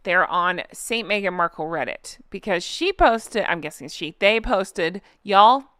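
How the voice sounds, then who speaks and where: Sarcastic Southern woman, smooth dry voice. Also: on the low side, lively intonation, unhurried, pushed and bright, dry recording. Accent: Southern American. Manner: sarcastic, incredulous, chatty. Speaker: commentary channel host. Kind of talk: casual commentary vlog.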